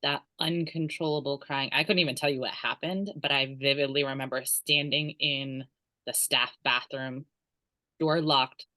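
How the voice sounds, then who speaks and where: A woman's voice: a bass voice, steady tone, normal speed, pushed and bright, no room sound. A woman hosting an interview, relating with empathy to her guest's story and sharing her own. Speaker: podcast host. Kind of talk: conversational interview.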